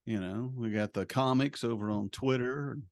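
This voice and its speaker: A middle-aged man co-hosting a podcast, telling a family story with lively acted-out dialogue and laughter. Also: medium pitch, normal speed, no echo. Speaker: podcast co-host, stay-at-home dad. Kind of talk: casual storytelling chat.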